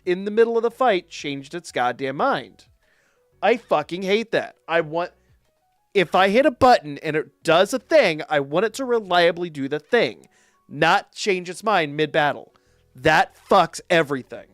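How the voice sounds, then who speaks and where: A man's voice: sits high, lively intonation, normal speed, a bit bright, dry recording, studio quality, soft background music. A man streaming a game live, talking to chat in a loose, casual way and swearing and ranting whenever the game frustrates him. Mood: frustrated yelling. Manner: swears a lot, rants in frustration. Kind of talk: live gameplay stream commentary.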